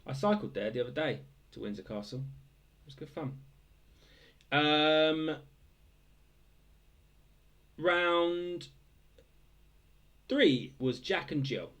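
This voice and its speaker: A man's voice: on the high side, slow, pauses often, a bit bright. Hesitant young Englishman reading quiz answers. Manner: hesitant, many fillers, dry joking asides. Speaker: quiz host. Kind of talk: casual quiz answer read-through.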